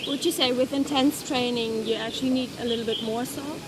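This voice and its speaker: A woman's voice: a little high, fairly even intonation, brisk. A woman in the audience asking hesitant follow-up questions in a casual way. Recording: noisy outdoor recording.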